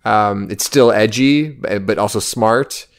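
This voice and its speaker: A man's voice: lowish voice, a little slow, smooth. A man co-hosting a casual podcast chat, hesitant and full of fillers and restarts.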